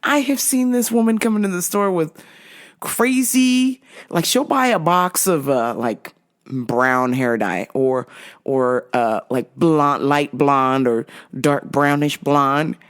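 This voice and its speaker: A woman's voice: deep voice, slow pace. A woman hosting a casual monologue, blunt and profane, laughing often as she talks. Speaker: host.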